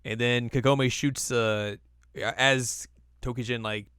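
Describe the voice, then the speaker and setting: Smooth-voiced young man recapping anime. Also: medium pitch, fairly even intonation, a bit bright, no echo, studio quality. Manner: rambling, jokey retelling with quick put-on voices. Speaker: podcast co-host. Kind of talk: casual anime episode recap.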